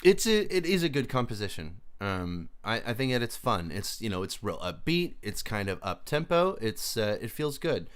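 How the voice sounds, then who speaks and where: A man's voice: lowish voice, sing-song, normal speed, few pauses, clean tone. A man hosting a casual album review chat, rambling with fillers and casual swearing. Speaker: podcast host reviewing albums.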